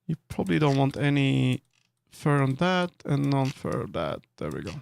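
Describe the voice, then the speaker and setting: A man's voice: medium pitch, big pitch swings, moderate pace, gravelly, a little mellow, clear, resonant tone. A man chatting casually on a live stream, thinking aloud and correcting himself as he works. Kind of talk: casual live-stream chat while working.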